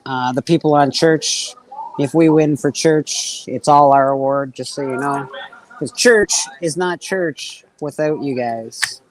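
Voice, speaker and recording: A man's voice: on the high side, measured pace, rough recording. A man hosting a casual livestream, chatting loosely and reading out questions from the chat. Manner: laid-back, chatty, reads out chat questions. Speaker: host.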